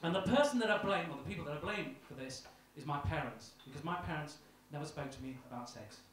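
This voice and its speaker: A man's voice: a little high, animated, quick pace, a bit bright, a little hiss or hum. A young man doing a self-deprecating, hesitant stand-up routine in a small comedy club, full of ums. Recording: echoey club, distant mic, crowd.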